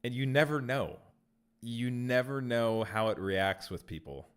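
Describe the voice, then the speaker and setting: A man's voice: mid-range voice, a little slow, clear, resonant tone. A man streaming from home in a casual chat, reading out viewer messages and answering them with easy laughs. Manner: chatty, reads chat aloud and answers viewers; laughs easily between phrases. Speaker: streamer and content creator.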